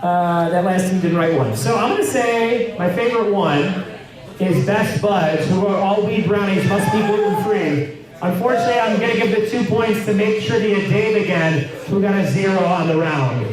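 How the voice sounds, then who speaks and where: A man's voice: sits high, moderate pace. A man hosting a live trivia night, reading out answers to the crowd with wry, joking asides. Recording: very echoey room, mic far off, loud crowd.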